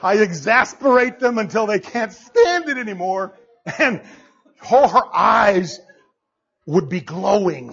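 A male pastor preaching a sermon, dropping low and quiet, then rising to loud, laughing shouts. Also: lively intonation, measured pace, creaky, slightly rough, highs cut off.

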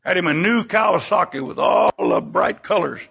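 Gravelly older preacher, dull recording. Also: male voice, expressive, normal speed, a bit bright. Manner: fervent preaching, sudden rises and drops in pitch and volume. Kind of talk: sermon.

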